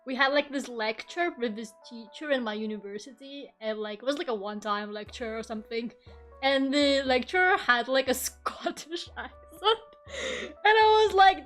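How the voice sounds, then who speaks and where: Over soft background music, a high-pitched woman talks at a moderate pace in a fairly bright tone. She's young and streaming her artwork, rambling through casual chat as she draws, with frequent laughter and plenty of swearing.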